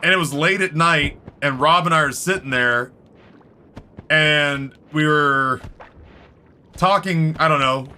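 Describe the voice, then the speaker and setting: A man's voice: a little high, takes it slowly, pauses often. A man streaming a game, telling rambling stories in a casual, swearing way. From Canada. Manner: rambling, swearing, animated quoted voices. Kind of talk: casual storytelling while gaming. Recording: faint music behind.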